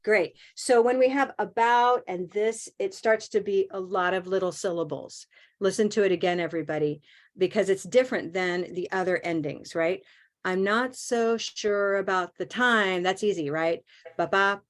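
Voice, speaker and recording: A woman teaching an English pronunciation class over a video call, modeling phrases slowly and praising her students. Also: mid-range voice. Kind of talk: online class coaching.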